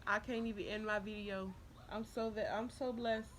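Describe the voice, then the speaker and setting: A young woman talks straight to her viewers in a casual story-time vlog, emotional and deeply thankful. Her voice sits at an ordinary middle pitch for a woman. A faint hum of room noise runs underneath. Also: steady tone, moderate pace. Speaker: vlogger.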